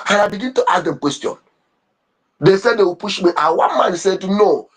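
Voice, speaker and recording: A fervent man with a husky, raspy tone and a high voice for a man. He delivers impassioned commentary, repeats phrases and stumbles over restarts as he pushes his point. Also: expressive, a little fast. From Nigeria. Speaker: online commentator.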